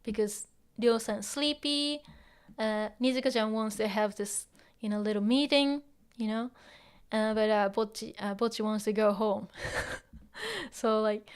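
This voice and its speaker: A chatty woman with a fairly high, clean voice teaches Japanese on a livestream, running a casual lesson and reading the chat. She mixes Japanese phrases into her English and murmurs to herself now and then.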